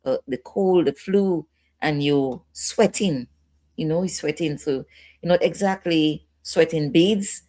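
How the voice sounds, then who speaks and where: A woman's voice: deep voice, a little mellow. A woman instructor giving a training lecture, repeating key points and checking in with her listeners.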